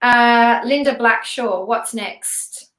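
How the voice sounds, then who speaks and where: A woman co-hosting a live stream from Dubai, reading spiritual cards in a soft, inviting way. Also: on the high side, slow, echoey room, poor audio. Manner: soft, inviting, with fillers and restarts. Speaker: co-host reading cards for viewers.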